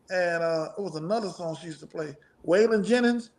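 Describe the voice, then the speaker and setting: A man's voice: high-pitched, a little fast, a little mellow. A middle-aged man, a musician guest in a casual interview, talking in a rambling, profane way and laughing often.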